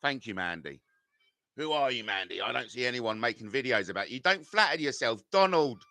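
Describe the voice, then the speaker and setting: A man's voice: mid-range voice, lively intonation, fairly quick, pushed and bright, no room sound, studio quality. A middle-aged man, live-streaming and reading out chat comments in a combative, rambling way full of swearing.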